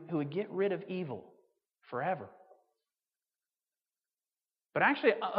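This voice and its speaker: A pastor gives a sermon in a relaxed, storytelling way, dropping in casual asides. His voice carries a long reverb off the hall walls. The sound is somewhat dull and muffled. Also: fairly high pitch. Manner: conversational, animated storytelling with asides.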